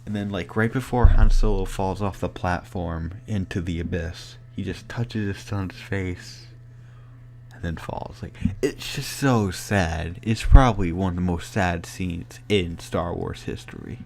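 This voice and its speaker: Deep-voiced man rambling excitedly. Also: a little slow, vocal fry, a little hiss or hum. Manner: excited and rambling, many "like" fillers. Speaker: movie reviewer. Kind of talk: casual spoken movie review.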